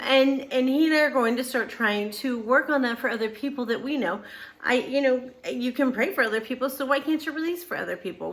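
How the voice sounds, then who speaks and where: A woman's voice: on the high side, fairly bright tone. A middle-aged woman who hosts her own channel, telling a personal story in casual talk that rambles, with many restarts and fillers. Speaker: channel host.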